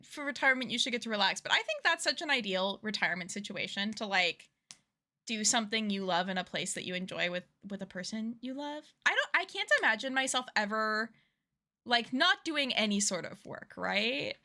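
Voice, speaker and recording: A woman's voice: mid-range voice, expressive, a little fast, bright, forceful tone. A woman streamer chatting casually and enthusiastically over a game, often giggling. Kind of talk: casual gameplay commentary.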